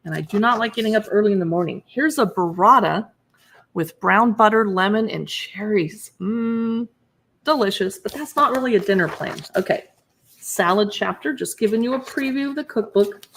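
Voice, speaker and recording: A woman's voice: mid-range voice, lively intonation, moderate pace, a little hiss or hum. Chatty woman leafing through a cookbook. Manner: chatty, reacts aloud to recipes and chat. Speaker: cookbook blogger and live streamer. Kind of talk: casual live stream chat.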